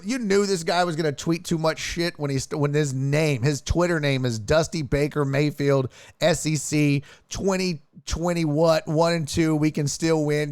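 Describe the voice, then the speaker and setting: A man hosting a live sports stream rants and laughs through tweets in casual, profane chat. His voice is on the high side with lively intonation at a moderate pace, with clean studio sound and no echo.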